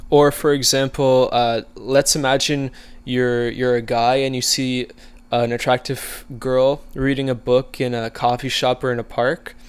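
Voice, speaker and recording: A man coaching viewers in a casual, conversational way, relaxed and easygoing, with frequent fillers. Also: medium pitch, unhurried, clean tone. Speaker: social skills coach. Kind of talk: casual instructional talk.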